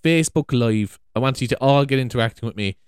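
A man's voice: mid-range voice, fast, clean tone, no room sound, studio quality. A man vlogging in a rambling, casual monologue, swearing and exclaiming often, on a desk microphone in a big room at home. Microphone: USB desk microphone.

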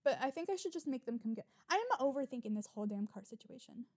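Fast and fairly high-pitched, a young woman carries a solo podcast episode by rambling. She curses offhandedly, riles up with little provocation, and keeps her delivery animated and talkative.

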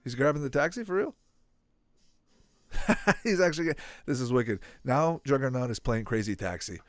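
Male reaction host, lively rising and falling voice, dry close sound, excitable, chats to viewers. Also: mid-range voice, no room sound. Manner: excitable, thinking aloud, quick reactions; asks the viewers questions. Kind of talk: casual live commentary while watching a video.

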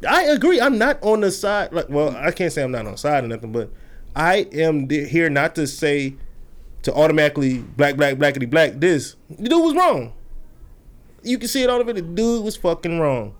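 A man's voice: fairly high pitch, very animated, moderate pace. A man in a casual discussion who talks bluntly and animatedly, swearing freely.

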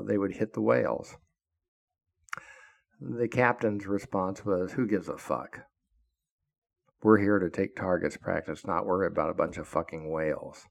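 Older man, low and gravelly, blunt profane storyteller. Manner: blunt and profane, with heated outbursts. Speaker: podcast host telling his story. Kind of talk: first-person storytelling.

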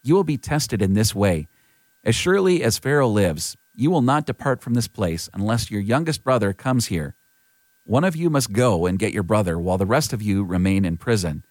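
A man's voice: lowish voice, expressive, moderate pace, dry recording, clean studio sound. A man reading as a stern governor. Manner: harsh, accusing. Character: stern powerful man, governor testing brothers.

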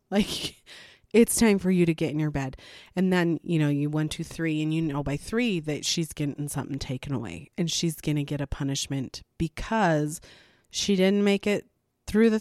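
A woman's voice: fairly low pitch, no room sound, studio quality. A woman giving casual, earnest parenting advice in a conversational way, laughing now and then. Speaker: parenting vlogger.

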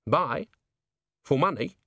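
A greedy, blustering butcher, played by a male reader, whose voice jumps high into squawks of outrage. He is pushy and indignant, recorded dry and up close. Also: expressive, takes it slowly, bright, forceful tone, dry recording, full character voice. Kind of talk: audiobook character voice.

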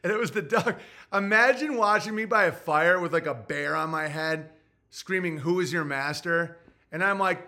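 A man chatting on his stream, swearing freely and breaking into laughter. His voice sits high for a man and has a bright, forceful edge. He jumps quickly between joking and ranting. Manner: profane, excitable, laughs often. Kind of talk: casual stream chat, reading viewer messages.

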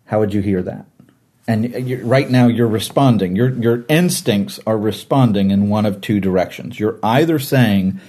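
A man's voice: on the low side, moderate pace, warm tone. A man discussing a Bible passage in an earnest conversational way, sometimes acting out quoted voices. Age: adult, former teacher. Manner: earnest, acts out quoted voices, laughs easily.

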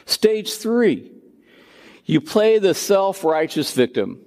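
An older man preaching a sermon as pastor, in a conversational, animated delivery with personal asides. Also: high voice, takes it slowly, in a large hall.

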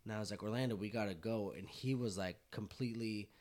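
A man's voice: fairly low pitch, fast, a little mellow. A man casually telling a rowdy story to friends, swearing and laughing as he goes.

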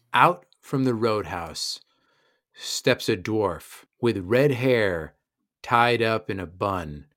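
A man's voice: lowish voice, a bit bright. A man acting as game master who explains the rules and thinks aloud. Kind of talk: narrating a tabletop game.

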